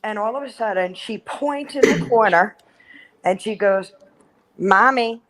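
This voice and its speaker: A woman's voice: medium pitch, normal speed, poor audio. A woman in her thirties telling a personal ghost story in casual chat, full of "like" and acted-out quotes. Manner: chatty, heavy use of "like", acts out quotes. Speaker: guest storyteller.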